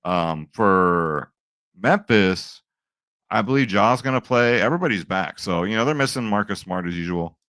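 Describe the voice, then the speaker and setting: A young sports betting host with a slightly low, a bit bright voice and lively intonation runs through his picks in a casual, chatty, upbeat video. He often checks in with viewers, saying "right?" and "guys" a lot, and the recording is dry and close with no room sound.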